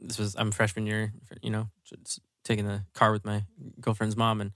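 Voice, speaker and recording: A young man co-hosting a podcast, telling animated stories, swearing and laughing. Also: fairly low pitch, moderate pace, no echo, clean studio sound. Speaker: podcast co-host. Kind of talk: casual storytelling chat.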